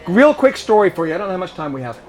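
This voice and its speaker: With a high voice, big pitch swings and a racing delivery, a man in his fifties fields questions from an audience gathered in a private home's living room. He talks conversationally and tends to repeat words when starting sentences. Soft music plays in the background.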